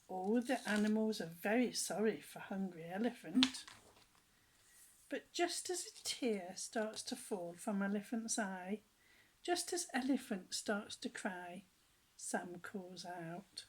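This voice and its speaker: Slow, gentle woman reading a storybook. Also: medium pitch, husky, low-quality recording. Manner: gentle, chatty asides, some lines whispered. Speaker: reader of children's books. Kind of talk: reading a picture book aloud to children.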